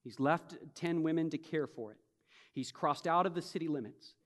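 A man preaching a sermon as pastor, emphatic, swinging from soft reflection to loud, urgent bursts and acting out imagined speakers. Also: on the high side, moderate pace. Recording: long hall reverb.

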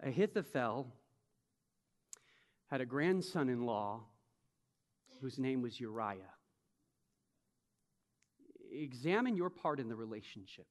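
A man preaching a sermon as pastor, emphatic, swinging from soft reflection to loud, urgent bursts and acting out imagined speakers. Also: medium pitch, animated, slow pace, long pauses. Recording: long hall reverb.

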